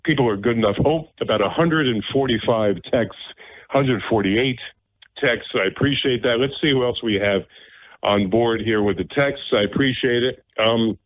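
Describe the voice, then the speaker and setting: A man's voice: medium pitch, normal speed, no echo. Blunt radio host man, narrow phone-like sound. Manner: blunt, emphatic, repeats phrases for effect. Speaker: radio talk show host. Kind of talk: opinionated talk radio monologue.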